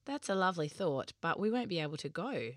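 A woman's voice: fairly low pitch, very animated, fairly quick, no room sound, studio quality. A woman voicing a kind, reassuring father in a storybook reading. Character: friendly father, kind and calm.

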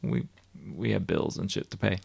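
A woman's voice: a bass voice, expressive, normal speed, gravelly, breathy edge, dry recording. A woman co-hosting a podcast, chatting in a laid-back, rambling way and reading out listener thanks. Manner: laid-back, rambling, reads shout-outs. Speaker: podcast co-host. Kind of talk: casual chat.

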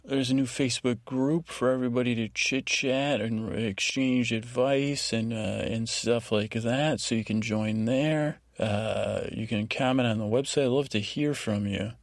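A man hosting a podcast, talking in a meandering bedtime monologue with a lulling, drowsy tone and many halting restarts. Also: mid-range voice, steady tone, no room sound, studio quality. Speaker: podcast host.

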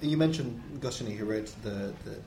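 A man's voice: medium pitch, dark tone. A man interviewing, who halts and repeats words as he frames his questions. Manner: halting, repeats words while framing questions. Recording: roomy echo.

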